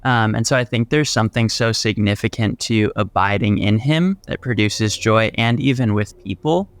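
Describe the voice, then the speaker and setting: A man's voice: lowish voice, moderate pace, clear, resonant tone, no echo. A man hosting a podcast, speaking reflectively and asking thoughtful questions in a casual interview. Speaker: podcast host.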